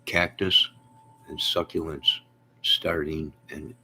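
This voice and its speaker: A man's voice: very deep voice, little pitch movement, slow, bright, forceful tone, husky. A man hosting a casual live stream from home, rambling about his day, reading out viewer comments and laughing often.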